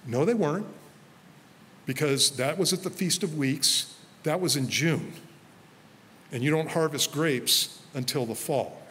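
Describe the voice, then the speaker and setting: A man, a pastor, preaching a sermon to a congregation in a relaxed, conversational way, telling stories from his own life and quoting himself. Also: a little high, a little slow, pauses often, in a large hall, slight background noise. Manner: conversational, storytelling with self-quoted asides. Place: church sanctuary before a congregation.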